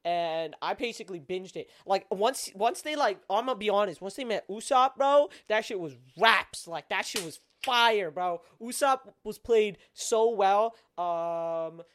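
A man's voice: high voice, lively intonation, a little slow, few pauses, a bit bright. A man co-hosting a podcast in casual chat, rambling and slangy, full of "like" and "bro". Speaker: podcast co-host.

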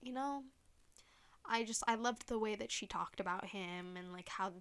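A woman's voice: medium pitch, moderate pace, fairly bright tone, clear, resonant tone. Chatty young woman podcast host. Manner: chatty, gushing, full of "like" fillers; playful, teasing sign-off. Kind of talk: casual solo podcast chat.

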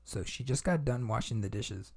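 A man's voice: medium pitch, expressive, moderate pace, vocal fry. A young man hosting a podcast, telling a story in casual chat with lots of fillers, restarts and swearing. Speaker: podcast host.

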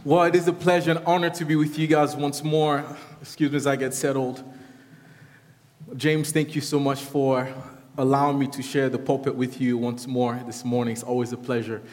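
A man's voice: mid-range voice, level tone, moderate pace, a little mellow, big-room sound. A man in his thirties from Haiti with a French accent, preaching an earnest, lightly humorous sermon as a guest preacher. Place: church sanctuary.

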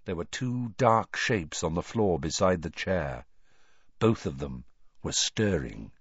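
Low expressive man narrating a storybook. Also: slow pace, husky, dry recording. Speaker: audiobook narrator. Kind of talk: scripted narration. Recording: dull dry lo-fi recording.

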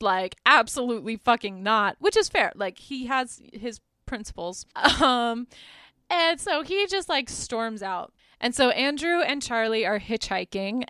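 A woman's voice: fairly high pitch, a bit bright, smooth, no echo, studio quality. A woman hosting a podcast, retelling a movie plot in a casual, chatty way, laughing often and filling her talk with "like.". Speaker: podcast host.

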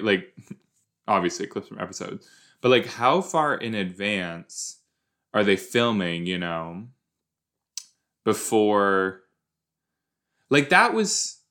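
A young man talks through a TV episode in a loose, rambling way, full of playful asides. He speaks at an unhurried pace with a voice of middle pitch. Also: fairly bright tone. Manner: rambling, playful, jumps into silly put-on voices. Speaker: podcast host reacting to a TV episode. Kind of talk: casual watch-along commentary.

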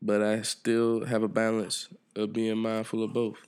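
A man's voice: fairly low pitch, monotone, a little slow, a little mellow, clear, resonant tone. A man hosting his own podcast alone, talking in a reflective, loose and profane way that trails off and restarts. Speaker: podcast host. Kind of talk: solo podcast monologue.

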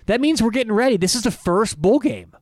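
A man co-hosts a betting show, his voice a touch higher than most men's. He talks emphatically and animatedly, restarting his sentences as he goes. The mic is close and dry, with no room sound. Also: sing-song, a little fast, a little mellow, dry recording. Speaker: podcast co-host, sports bettor. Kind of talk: casual sports betting chat.

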